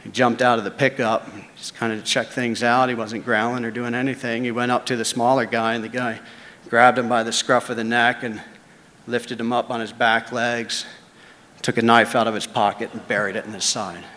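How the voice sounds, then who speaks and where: A man's voice: medium pitch, flat delivery, moderate pace, sharp tone, long reverb tail. A man casually telling a first-person story, conversational and salty.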